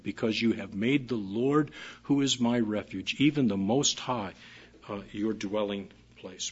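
A man's voice: fairly low pitch, measured pace, husky. A man preaching a morning sermon, reading scripture aloud and repeating key phrases with emphasis. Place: church service. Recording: muffled dull recording.

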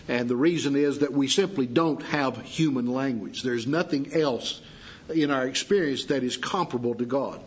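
Husky-voiced man preaching a measured sermon. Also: medium pitch. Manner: measured, deliberate teaching with pauses for emphasis. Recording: dull lo-fi sound.

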